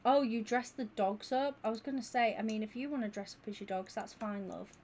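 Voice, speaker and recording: A woman, chatting casually and excitably with viewers during a gaming stream. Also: fairly high pitch, fairly quick. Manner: excitable and gushing, chatting with viewers while she plays. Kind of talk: casual live-stream chat.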